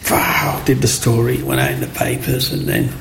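Middle-aged Birmingham man, gravelly, animated storyteller, faint hiss behind. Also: mid-range voice, a little fast. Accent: Birmingham English. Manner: animated storyteller acting out quotes. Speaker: guest. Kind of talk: storytelling interview.

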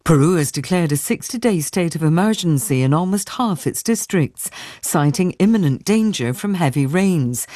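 A woman reading a formal news bulletin in a measured, steady way. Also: deep voice, no echo. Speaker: newsreader.

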